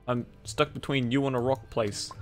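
A man's voice: medium pitch, steady tone, measured pace. A man playing a video game and chatting to his viewers in a goofy, joking way. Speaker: gaming YouTuber. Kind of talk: casual let's-play commentary. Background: faint game music.

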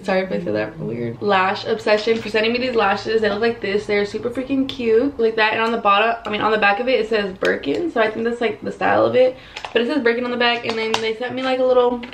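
This young beauty vlogger speaks at medium pitch with vocal fry, and the low-quality recording carries a little hiss or hum. Doing her makeup on camera in her bedroom, she keeps up a casual, blunt get-ready-with-me chat, swearing a lot and constantly saying "like."

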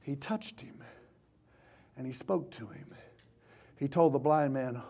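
A man preaching a sermon in a church, swinging from impassioned shouting to hushed tones. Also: mid-range voice, takes it slowly. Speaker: pastor.

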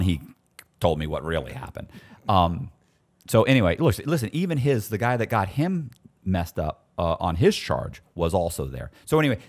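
A man telling stories in casual chat, animated and often restarting his sentences. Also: lowish voice. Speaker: guest storyteller.

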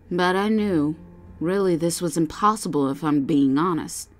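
A woman narrating a first-person horror story, calm and soothing when she speaks as the dispatcher. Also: lowish voice, normal speed. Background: faint music.

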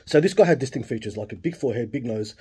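A man's voice: mid-range voice, animated, racing, dark tone, slightly rough. A man in his late forties with an Australian accent, telling a long story casually, swearing freely and full of asides.

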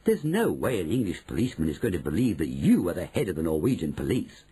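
A man reading an audiobook, voicing an eager, excitable young boy who has been turned into a mouse. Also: sits low, fast talker, breathy edge, voice pushed down, full character voice. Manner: eager, breathless questions.

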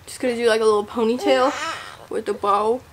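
A woman's voice: on the high side, steady tone, fairly quick, crowd noise. A teenage girl chatting casually to her camera at home, often cooing to her baby in a sing-song voice. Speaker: vlogger. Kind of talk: casual vlog talk. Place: home, indoors. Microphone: camera set down nearby.

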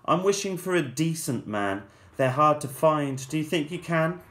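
A man voicing young Cinderella in a high, squeaky falsetto while reading a rhyming story aloud. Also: normal speed, fairly bright tone, lightly acted. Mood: earnest. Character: young woman Cinderella, sharp-tongued.

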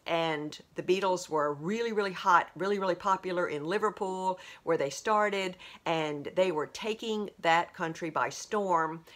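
A woman in her sixties hosts a podcast, her lowish voice carrying a slight brightness. She rambles chattily through a monologue, full of asides and laughter.

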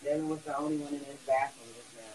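Teasing New man, slightly high voice. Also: fairly even intonation, quick pace, darkish tone, a little hiss or hum, low-quality recording. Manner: teasing, needling. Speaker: vlogger. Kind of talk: casual banter.

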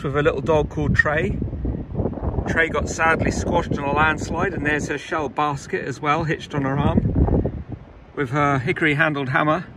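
A man giving a relaxed, explanatory walking commentary while fossil hunting outdoors on a beach. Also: fairly high pitch. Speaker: fossil hunter vlogger. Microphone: camera mic, wind noise. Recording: wind noise on an outdoor mic.

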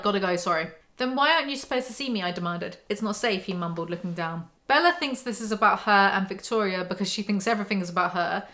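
Woman ranting about a book, bright tense voice, sarcastic and snarky. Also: medium pitch. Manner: sarcastic, mocking asides. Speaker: book commentary YouTuber. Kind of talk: casual snarky book recap.

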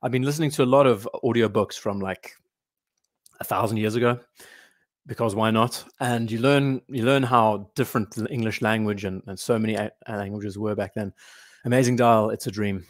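A man's voice: fairly low pitch, fairly even intonation, moderate pace, no room sound, clean studio sound. A man hosting a casual live stream, rambling and reading viewer comments aloud.

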